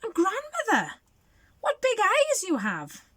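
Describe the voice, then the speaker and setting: A woman doing a squeaky little girl. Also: huge pitch swings, slow pace, fairly bright tone, no room sound, heavily acted. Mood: wondering. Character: Little Red Riding Hood, small innocent girl.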